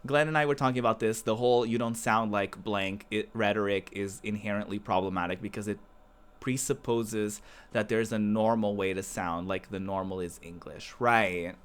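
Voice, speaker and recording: A man's voice: on the low side, steady tone, moderate pace, clear, resonant tone. A man from the American South chatting casually on a game stream, rambling, restarting his sentences and answering his chat as he plays. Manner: talks back to viewer chat as he plays.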